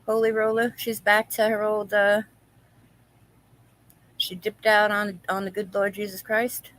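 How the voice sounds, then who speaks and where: A woman's voice: mid-range voice, completely flat delivery, measured pace, a bit bright, low-quality recording. A woman hosting a casual live-stream chat, gossiping, laughing often and reading viewers' comments aloud.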